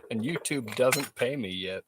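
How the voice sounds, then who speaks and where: A man's voice: mid-range voice, noisy background. A man chatting casually on a live stream, laid-back, swearing freely and laughing often. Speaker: livestreamer. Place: truck workshop.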